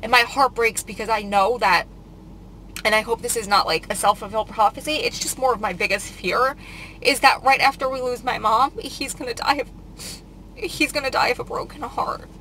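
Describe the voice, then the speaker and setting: Upset lady venting on her vlog, rambling w lots of likes, kinda tense sharp voice. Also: fairly high pitch, moderate pace, slight background noise, rough recording. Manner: emotional, rambling, many "like" fillers. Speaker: vlogger. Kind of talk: casual confessional storytime.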